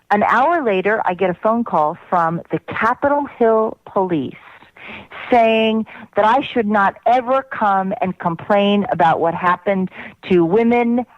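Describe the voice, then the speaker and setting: A woman's voice: medium pitch, dry recording, lo-fi sound. Woman guest, emphatic, indignant, dry studio sound. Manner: emphatic, indignant, laughing asides. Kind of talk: radio interview.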